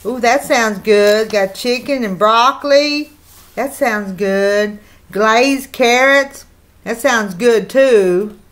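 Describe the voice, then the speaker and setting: A woman's voice: fairly high pitch, takes it slowly. A woman with a Southern country accent, chatting folksily to her viewers while opening mail on her vlog. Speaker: channel host.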